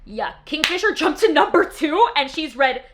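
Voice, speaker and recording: A woman's voice: sits high, animated, moderate pace, background noise. A young woman chatting to camera as a book vlogger, gushing and dramatic as she swoons over favourites. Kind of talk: casual chat to camera.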